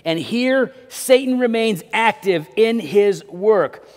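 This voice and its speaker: A man preaching a sermon as pastor, with dynamic delivery that swings between loud emphasis and quiet low drops. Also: expressive, takes it slowly, big-room sound. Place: church sanctuary.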